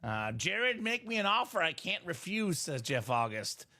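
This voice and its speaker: A young man hosting a live sports card break, hyping items and bantering with viewers in quick sales patter. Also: high-pitched. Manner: energetic, shouts and jokes with viewers.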